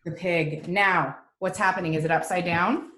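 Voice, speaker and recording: A woman's voice: lowish voice, steady tone, normal speed, a bit bright, a little hiss or hum. A woman reading teacher leading a live online reading class over a video call, chatty and encouraging with a self-deprecating humor. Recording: roomy echo.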